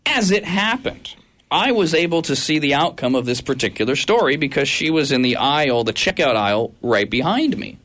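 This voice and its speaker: A male radio show host telling a story on air in an animated, incredulous way. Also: fairly high pitch, moderate pace.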